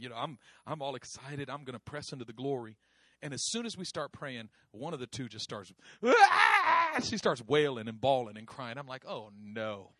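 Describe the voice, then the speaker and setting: A middle-aged man preaching, telling a story with lively acted-out voices and frequent laughter. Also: a little high, no echo. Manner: animated, acts out voices, laughs often. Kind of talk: sermon storytelling.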